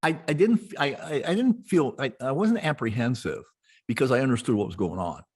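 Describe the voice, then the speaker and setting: A man's voice: medium pitch, expressive, a little fast, darkish tone, breathy edge. A middle-aged man telling a long personal story in casual conversation, rambling with many restarts and fillers. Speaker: podcast host, guest being interviewed.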